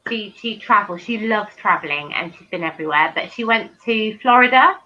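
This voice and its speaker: A woman chatting casually on a live stream, giggly and animated, repeating her phrases. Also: mid-range voice, moderate pace, muffled recording. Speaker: co-host. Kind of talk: casual chat.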